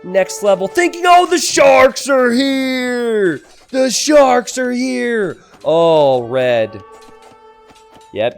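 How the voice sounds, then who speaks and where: Excitable man commentating a strategy game. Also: medium pitch. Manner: excitable, laughs and exclaims at blunders.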